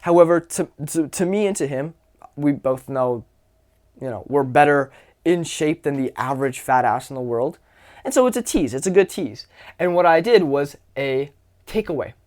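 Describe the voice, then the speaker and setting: A man's voice: fairly high pitch, animated, normal speed, darkish tone. A young man giving casual social advice, loose and profane, acting out little anecdotes with quoted voices. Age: young adult. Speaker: social skills coach.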